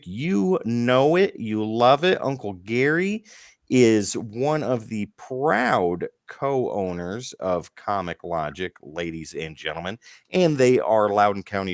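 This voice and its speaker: A man with a lowish voice co-hosts a comic book podcast, reading sponsor spots with playful showmanship. The sound is dry and close, with no room echo. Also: big pitch swings, takes it slowly. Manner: joking, showman-like ad reads. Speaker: podcast co-host. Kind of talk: casual chat and sponsor reads.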